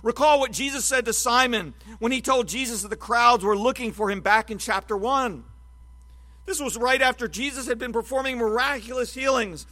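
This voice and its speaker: A man preaching an expository Bible sermon, teaching in a measured, emphatic way. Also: very high voice, pushed and bright.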